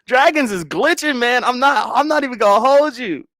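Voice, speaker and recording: A man in his thirties hosting a casual livestream chat, loud and animated, laughing constantly. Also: extremely high pitch, normal speed, dry recording, studio quality. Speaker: livestream host.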